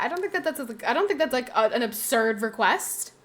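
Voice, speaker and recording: A woman's voice: fairly high pitch, animated, a little fast, a bit bright. A young woman streaming and chatting casually with her live audience. She talks emotionally, repeats her phrases, laughs often and answers her chat aloud.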